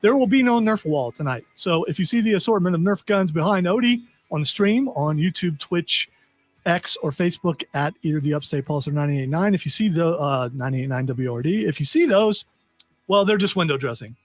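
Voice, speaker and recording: A man's voice: fairly high pitch, expressive, fairly quick, dry recording, soft background music. A man hosting a casual chat show, talking in rambling stop-start sentences on a studio mic. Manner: rambling, stammering restarts. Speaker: host.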